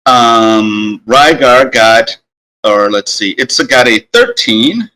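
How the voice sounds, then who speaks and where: A man's voice: medium pitch, expressive, slow pace, pushed and bright. A man narrating as game master in a tabletop game, talking with many fillers and restarts.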